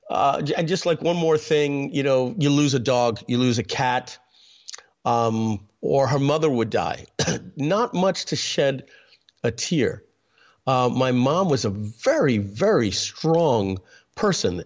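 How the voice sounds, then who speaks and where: A middle-aged man telling stories as an interview guest, halting with many restarts and frequent throat clearing. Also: mid-range voice. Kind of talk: candid conversational storytelling.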